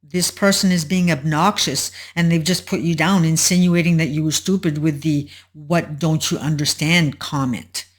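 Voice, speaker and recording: A woman hosting a solo advice talk, explaining in a measured way and walking through an example step by step. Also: low-pitched, steady tone. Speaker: host.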